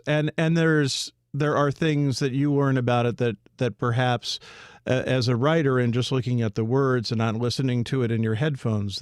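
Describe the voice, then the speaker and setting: A man's voice: medium pitch, clean tone, dry recording, studio quality. A man hosting a radio book show, asking long, winding questions with restarts. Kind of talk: radio interview. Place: radio studio.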